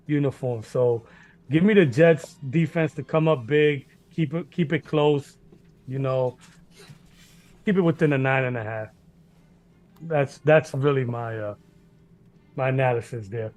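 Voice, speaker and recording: A man's voice: mid-range voice, unhurried, pauses often, a little mellow, soft background music. A man hosting a casual sports betting chat, rambling, repeating himself, laughing and swearing often. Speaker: sports betting podcast host.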